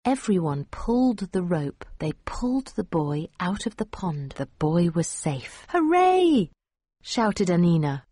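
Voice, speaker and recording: A woman reading a children's picture book aloud, slowly and clearly, with expressive rises and falls. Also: on the low side, dry recording. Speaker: storyteller.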